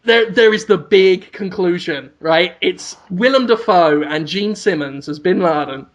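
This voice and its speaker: A man's voice: high voice, measured pace. A man co-hosting a comedy podcast, rambling through an absurd made-up story and laughing at his own jokes. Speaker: podcast co-host.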